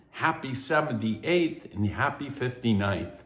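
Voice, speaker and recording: A man hosting a news commentary, measured and emphatic, dropping low and soft on key phrases. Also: echoey room. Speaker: host of a news commentary update. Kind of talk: news commentary with scripture references.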